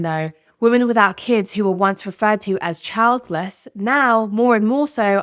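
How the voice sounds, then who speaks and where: A woman's voice: mid-range voice, no echo, clean studio sound. A woman hosting a podcast, narrating in a candid, conversational way. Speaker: podcast host. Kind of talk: scripted narration.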